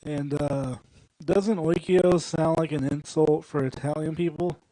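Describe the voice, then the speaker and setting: A young man doing a stand-up set at a comedy club, rambling and working the crowd with deadpan asides. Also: on the high side, a little slow, dry recording, rough recording.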